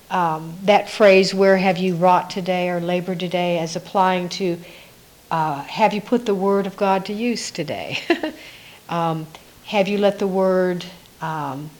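A woman giving a reflective devotional Bible teaching, musing aloud with soft laughs. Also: lowish voice, poor audio.

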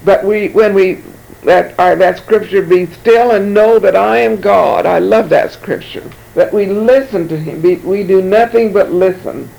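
Mężczyzna wygłaszający kazanie, wysoki, chropawy głos. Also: male voice, high-pitched, unhurried, vocal fry, poor audio. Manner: reads verses aloud then comments warmly, repeats words. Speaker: preacher. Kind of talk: sermon with scripture reading.

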